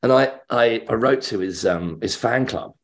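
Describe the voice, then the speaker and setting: In an interview, a middle-aged actor from England relates an anecdote at a normal speed, his mid-range voice shifting as he animatedly performs the quoted voices.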